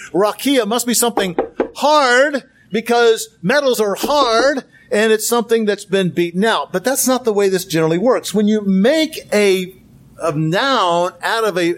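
Chatty man teaching, fairly high voice. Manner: conversational, many fillers and restarts, dry humor. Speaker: Bible teacher. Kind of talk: informal lecture.

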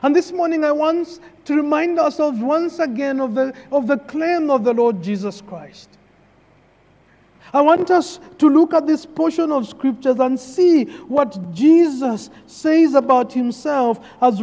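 A man's voice: very high-pitched, expressive, takes it slowly, mellow. A man preaching a sermon, emphatic and repeating key phrases for weight. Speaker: pastor. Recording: long hall reverb.

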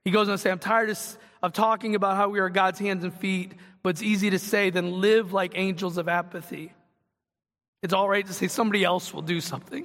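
High-voiced preacher in a reverberant hall. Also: male voice, fairly bright tone. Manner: earnest, conversational preaching that builds to passionate emphasis. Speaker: pastor. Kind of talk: sermon.

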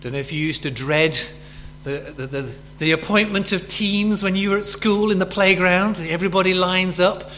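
A man's voice: sits high, normal speed, sharp tone, a little hiss or hum. A man preaching a sermon in a chatty way, full of rhetorical questions to his listeners.

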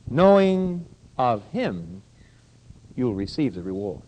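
An older man preaching a sermon as pastor, dropping to a hush and then rising to loud, pressing questions at his congregation. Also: mid-range voice, big pitch swings, unhurried, low-quality recording. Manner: swings from hushed to loud preaching.

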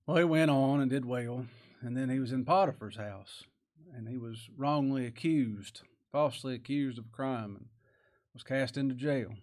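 A man's voice: mid-range voice, moderate pace, a little mellow. Folksy preacher man. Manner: folksy preaching with rising emphatic bursts and chuckles. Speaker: pastor. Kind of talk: sermon.

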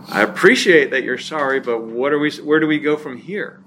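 A man teaching a church class in a relaxed, conversational way, with frequent fillers and restarts. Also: fairly high pitch, slight background noise. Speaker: pastor or teacher.

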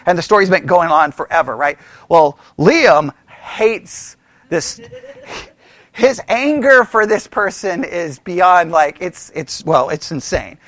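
A man leading a Bible study, animated, laughing often and asking the group rhetorical questions. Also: high-pitched, slow pace, dry recording.

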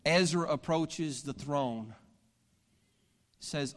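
Man preaching, high bright voice, long hall reverb, scripture reading, fervent sermon. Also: a little slow. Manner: reads scripture aloud, rising to fervent preaching.

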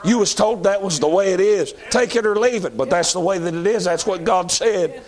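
A man with a high, tenor-ish voice preaches. His delivery is folksy and conversational, rising into emphatic, repeated declarations. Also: brisk. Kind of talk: sermon.

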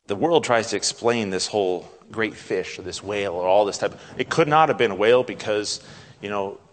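A man delivering a sermon in a church, his voice ringing with a long reverb. He swings from loud, climbing exclamations down to soft, hushed passages. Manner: dramatic, acts out God's lines with rising pitch and volume; drops to a hushed, soft tone at solemn points. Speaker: preacher.

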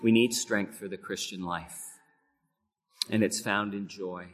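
A man's voice: fairly low pitch, fairly even intonation, measured pace, a bit bright. A man preaching a sermon, earnest and building to emphatic peaks on key phrases. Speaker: pastor. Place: church sanctuary. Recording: long hall reverb.

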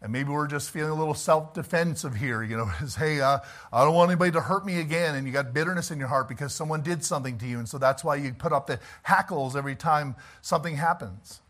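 A man's voice: a little high, fast talker, few pauses, a bit bright. A middle-aged man preaching a folksy sermon in church as pastor, talking conversationally with asides and chuckles, then pressing his points emphatically.

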